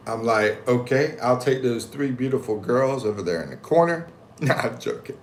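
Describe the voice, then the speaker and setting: Telling a story on a laid-back livestream, a US vlogger jokes around in slang, stays animated, and reads comments from chat out loud. He has a medium-pitched voice and a moderate pace; the room echoes, with slight background noise and faint ambience.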